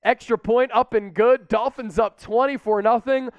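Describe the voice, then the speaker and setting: A man hosting a live sports watch party, calling plays and cheering loudly. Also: very high voice, normal speed, no room sound, lo-fi sound. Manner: excitable, shouts chants and play-by-play calls. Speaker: host.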